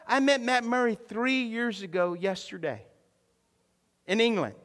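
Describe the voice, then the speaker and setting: A middle-aged man preaches a sermon from a church pulpit, his voice sitting a little high for a man. He shifts between relaxed storytelling and fervent, building declarations. A long hall reverb trails every phrase. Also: measured pace. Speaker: pastor. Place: church sanctuary.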